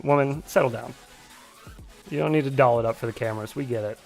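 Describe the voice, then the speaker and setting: A man's voice: mid-range voice, a little fast, vocal fry, soft background music. A man casually chatting on a live stream, rambling and joking as he reacts to chat. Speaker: streamer hosting a drone flight sim stream.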